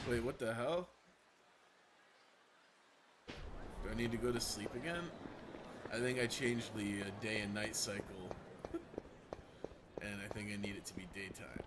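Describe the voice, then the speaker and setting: A man with a gravelly voice and a strained throat, casually talking through a game stream. He chats freely, swears often and laughs a lot. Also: on the low side, measured pace, pauses often, noisy background. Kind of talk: casual gameplay commentary.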